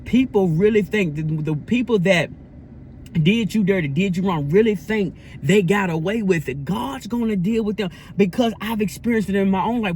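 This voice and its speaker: A man's voice: sits high, moderate pace, darkish tone, a little hiss or hum. A man vlogging in a casual, preachy style, earnest and repetitive, with a sermon-like cadence. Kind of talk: casual preachy vlog talk.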